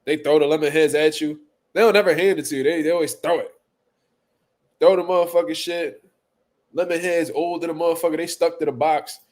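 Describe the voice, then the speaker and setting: A man's voice: fairly high pitch, fairly quick. A man hosting a boxing talk show, telling funny stories casually with lots of profanity, repetition and laughter. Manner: animated, profane, laughing, repeats words. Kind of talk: casual comedic storytelling.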